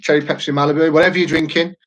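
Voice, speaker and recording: A man's voice: on the high side, little pitch movement, rapid-fire, low-quality recording. Man, thirties, easygoing online quiz host, rambles and jokes. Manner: chatty, jokey, rambling asides. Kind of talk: casual live-stream chat.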